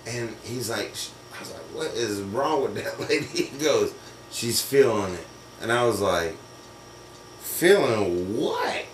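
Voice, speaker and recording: A man with a fairly low voice tells a story in a casual podcast chat. He is animated and profane and keeps breaking into laughter. He sits back from the mic in a roomy space. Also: moderate pace. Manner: animated, profane, laughs through his stories. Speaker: podcast co-host. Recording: roomy, distant mic with faint noise.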